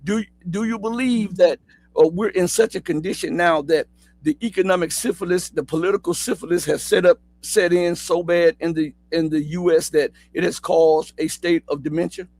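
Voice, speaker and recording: A man hosting a live stream interview, asking long, halting questions. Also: high-pitched, fairly even intonation, darkish tone, dry recording. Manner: halting questions with many fillers and restarts. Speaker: host.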